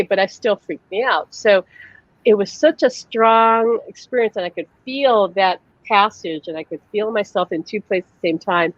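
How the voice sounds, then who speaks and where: A psychic medium with a mid-range voice hosts a live online chat over a video call, talking at a moderate pace. The recording is dry and lo-fi. She shares personal stories in a chatty way, acting out quoted voices and peppering her speech with "like."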